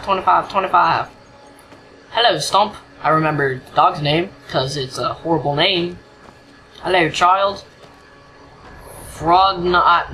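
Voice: mid-range voice, bright, forceful tone, a little hiss or hum, low-quality recording. A gamer giving casual, goofy commentary while playing, joking and humming nonsense tunes. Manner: goofy, sings nonsense and jokes at the game. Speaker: gameplay commentator. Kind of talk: casual let's-play commentary.

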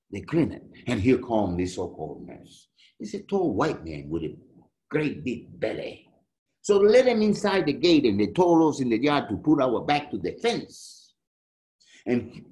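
A man, his tongue, gives personal testimony over a video call. His voice swings widely in pitch, booming on some phrases and falling almost to a murmur on others. The delivery is raw and emotional. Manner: emotional storytelling with big swings between loud and hushed. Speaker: guest speaker, death row exoneree.

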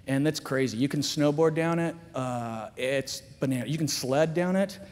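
A man in his forties giving an animated chapel sermon to students, swinging between loud emphatic lines and hushed asides. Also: a little high, normal speed. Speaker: guest chapel speaker. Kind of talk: energetic chapel sermon with storytelling. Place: school chapel, large room. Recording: long hall reverb.

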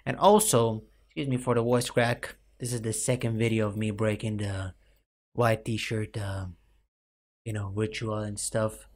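A man's voice: fairly low pitch, steady tone, unhurried, a little mellow. A young man giving rambling, self-mocking commentary over a game late at night, full of fillers, his voice cracking now and then. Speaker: gaming YouTuber.

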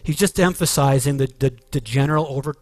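A man's voice: mid-range voice, brisk, no echo. A man preaching a sermon as pastor, earnest and emphatic, with frequent restarts.

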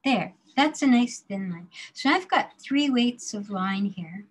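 A woman teaching a drawing class, explaining slowly and carefully while she demonstrates, now and then murmuring to herself as she works. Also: medium pitch, expressive, slightly rough, low-quality recording. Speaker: design drawing instructor.

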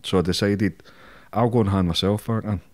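Low-voiced scottish guy spinning yarns on a podcast, swears a lot, chuckles as he goes. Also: steady tone, a little fast, darkish tone. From Scotland. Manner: swearing, laughs through his anecdotes. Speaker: podcast guest. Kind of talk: casual storytelling interview.

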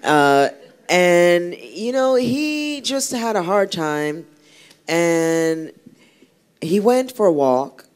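A woman's voice: on the low side, lively intonation, very slow, clean tone. A woman singer, a guest on an interview show, talking casually and telling a rambling story with many restarts. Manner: chatty, rambling storyteller who restarts often.

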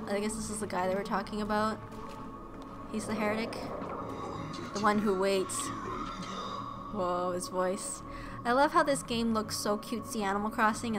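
A woman streamer giving excited, gushing let's-play commentary with cutesy baby talk, game music faint behind her. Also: mid-range voice.

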